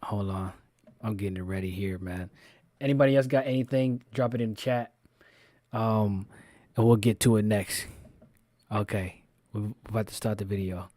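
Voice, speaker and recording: A man hosting a live stream, setting up and commenting on videos in a relaxed, casual way. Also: fairly low pitch, normal speed, dry recording. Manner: laughing, amused asides.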